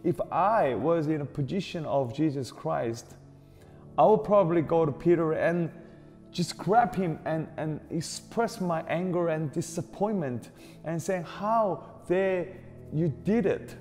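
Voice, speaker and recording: A man preaching a sermon as pastor, slow and deliberate, stressing repeated questions. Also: fairly high pitch. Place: church hall. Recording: reverberant hall with soft music behind.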